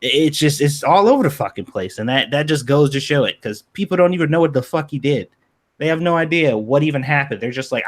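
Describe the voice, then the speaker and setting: A man's voice: on the high side, lively intonation, fast. A man co-hosting a casual podcast, arguing his point bluntly and with plenty of swearing. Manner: blunt, profane, argumentative. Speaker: podcast co-host. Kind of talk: casual chat.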